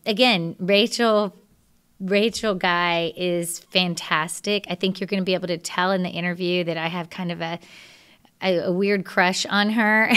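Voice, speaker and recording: A woman's voice: medium pitch, fairly bright tone, smooth. A woman from Texas with a Texas accent, hosting a podcast in a chatty, laughing manner. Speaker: podcast host. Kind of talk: casual interview.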